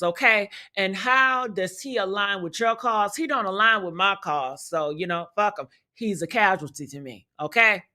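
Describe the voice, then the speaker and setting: A woman's voice: medium pitch, pushed and bright. A woman hosting a livestream, giving blunt, profane commentary and talking to her chat. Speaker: livestream host.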